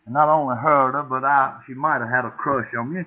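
A man's voice: mid-range voice, steady tone, fairly quick. A middle-aged man, preaching a sermon as a folksy, homespun story, often asking the congregation questions. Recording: tinny phone-like old tape.

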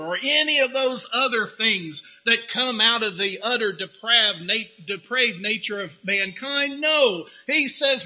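A man's voice: very high-pitched, animated, unhurried, few pauses, bright, forceful tone, low-quality recording. A man preaching a sermon in a conversational way, asking rhetorical questions and adding humorous asides. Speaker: pastor.

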